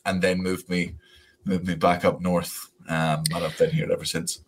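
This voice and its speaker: A Scottish comedian in his thirties, chatting as a podcast guest in an animated, jokey way with plenty of swearing. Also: sits low, normal speed, slight background noise. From Scotland. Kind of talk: casual podcast chat.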